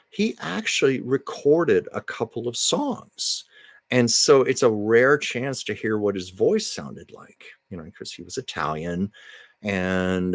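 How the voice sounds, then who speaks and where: A man hosting a casual live stream, telling rambling anecdotes with frequent ums and pauses. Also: on the low side, fairly bright tone, no echo.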